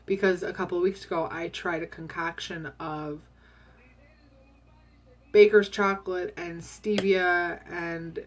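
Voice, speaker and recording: A woman's voice: lowish voice, steady tone, a little slow. A woman vlogging a casual, candid diet update from home, chatty and full of ums. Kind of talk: casual chat.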